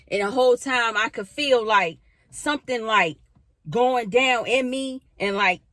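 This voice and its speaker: Slow-talking woman telling her story. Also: fairly high pitch, no room sound, studio quality. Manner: animated, filler-heavy, swears casually. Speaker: spiritual vlogger. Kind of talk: casual storytelling to camera. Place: bedroom. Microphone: camera in a bedroom.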